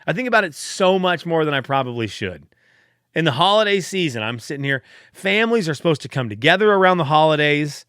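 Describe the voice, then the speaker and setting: A man talks alone into a podcast mic, rambling and poking fun at himself in a casual, fired-up way. His voice sits a little high for a man. The sound is dry and close, with no room echo. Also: expressive, fast talker, fairly bright tone, clean tone. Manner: rambling, self-deprecating storytelling. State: fired up late at night. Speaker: podcast host. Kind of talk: casual solo podcast chat.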